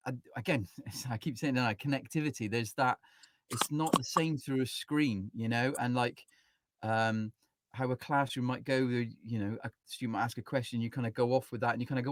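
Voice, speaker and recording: Casting note: chatty male musician-teacher, mid pitch, rambling and self-interrupting, dry close sound. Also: no room sound. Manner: rambling, full of "you know", acts out quotes. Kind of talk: casual interview chat.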